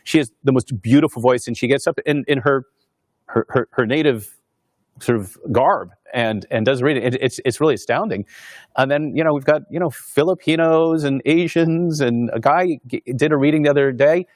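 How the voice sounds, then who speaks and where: A man's voice: mid-range voice, normal speed, a little mellow, dry recording, clean studio sound. A man, a pastor, giving an informal lecture in a conversational way, with many fillers and restarts. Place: Northern Virginia parish pastor speaking at a university.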